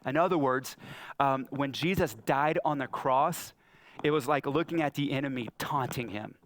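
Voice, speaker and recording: A pastor in his thirties preaches a sermon in a church hall, speaking at a moderate pace in a fairly bright tone with no room sound. He tells stories and acts out the lines he quotes, using big jumps in pitch.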